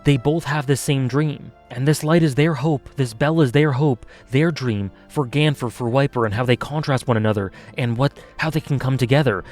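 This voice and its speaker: Earnest guy doing a video review, passionate, normal mid voice, soft music under it. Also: mid-range voice, normal speed, hardly any pauses. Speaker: anime reviewer.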